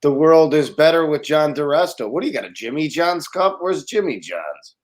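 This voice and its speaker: A man hosting a casual video-call interview, chiming in with quick jokes and agreement. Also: on the high side, lively intonation. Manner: affirming, joking interjections. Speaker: host.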